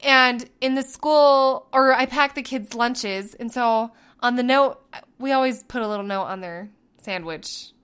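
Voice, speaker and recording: A woman in her thirties co-hosting a podcast, telling family stories in a casual, animated way, laughing and acting out quotes. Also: on the high side, measured pace, clean tone. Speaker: podcast co-host. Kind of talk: casual storytelling chat.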